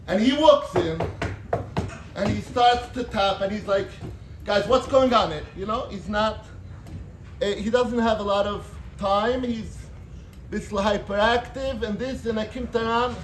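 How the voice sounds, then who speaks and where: High-voiced man telling a Hasidic story. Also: slight background noise. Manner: animated, bursts of shouting and quick asides. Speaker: rabbi giving a talk. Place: gathering in a large room. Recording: echoey room, mic at a distance.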